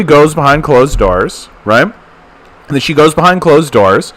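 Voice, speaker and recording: A man from Canada hosting a livestream political commentary show, ranting fast with repeated phrases and stammered restarts. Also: fairly high pitch, animated, a bit bright, no echo. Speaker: host.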